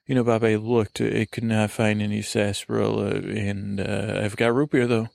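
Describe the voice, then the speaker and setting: A man hosting a comedy podcast outdoors by a lake, joking and rambling in an excitable put-on voice. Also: lowish voice, normal speed, vocal fry, no room sound. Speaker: podcast host.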